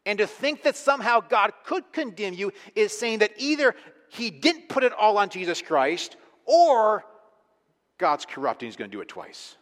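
A fairly high-voiced man preaching a sermon from the pulpit. He presses his points hard, then drops to a near hush. His voice rings out through the long reverb of a church sanctuary. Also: expressive, moderate pace. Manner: emphatic preaching, swinging between hushed and forceful. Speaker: pastor.

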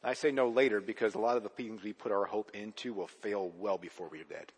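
Husky-voiced pastor preaching in a hall. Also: male voice, fairly even intonation, a little fast. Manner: emphatic, swinging between loud urgent stresses and low quiet endings. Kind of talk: sermon.

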